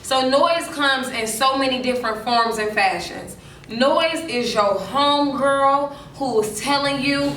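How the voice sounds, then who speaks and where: A woman hosts a seminar and talks straight to the crowd. Her voice is bright and fairly high. She sounds far from the mic in an echoey room. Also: a little slow, slight background noise. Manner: direct, addressing the audience. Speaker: seminar host. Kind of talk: hosting a seminar.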